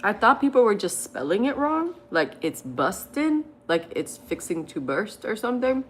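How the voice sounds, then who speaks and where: A woman's voice: medium pitch, very animated, moderate pace, slight background noise. A woman hosting a casual livestream from her table at home, eating and reading viewer comments aloud, laughing often and answering them bluntly. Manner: laughs often and talks between bites. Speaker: livestream host.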